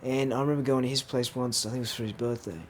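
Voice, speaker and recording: A young man co-hosting a podcast, telling loose, rambling stories full of fillers and frequent laughs. His voice sits at an ordinary middle pitch, with a faint hiss of noise behind it. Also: steady tone, racing. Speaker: podcast co-host. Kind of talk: casual chat.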